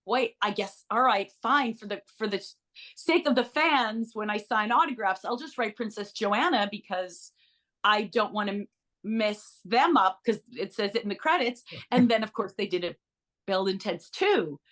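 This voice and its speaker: A middle-aged woman recalls her acting days in a loose, animated interview voice. She jumps between thoughts, restarts sentences and tosses in asides as she goes. Her pitch sits in an ordinary middle range. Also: normal speed. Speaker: actress guest. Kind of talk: casual interview anecdote.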